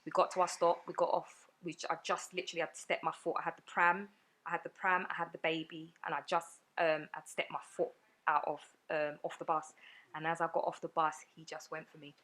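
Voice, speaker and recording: Low-voiced woman telling her story. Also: level tone, fairly bright tone. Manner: earnest, rapid retelling with many fillers. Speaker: guest sharing her story. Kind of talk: personal storytelling in a podcast interview.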